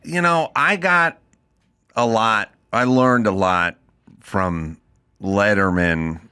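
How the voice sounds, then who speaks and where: A man hosting a podcast in a studio, chatting casually with laid-back, drawn-out asides. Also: fairly low pitch, sharp tone, clear, resonant tone, dry recording. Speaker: podcast host. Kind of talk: casual chat.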